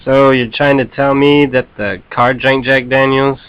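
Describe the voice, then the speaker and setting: A man dubbing a movie clip as a furious man scolding a friend who wrecked his car, shouting indignantly. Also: medium pitch, flat delivery, measured pace, clean tone, no echo, dull audio, close to an everyday voice. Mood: shouting angrily. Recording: hissy recording from far off.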